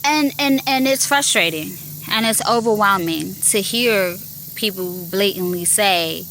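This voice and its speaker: A woman of middling pitch speaks in a loose, casual podcast monologue. She is emphatic and often doubles back to repeat words as she builds her point. A faint hiss sits under the voice. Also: measured pace, fairly bright tone. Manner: emphatic, repeats herself, acts out callers. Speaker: podcast host and 911 telecommunicator.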